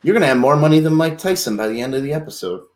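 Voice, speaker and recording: A man's voice: fairly high pitch, animated, rapid-fire. A man co-hosting a podcast in casual chat, joking drily. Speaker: podcast co-host.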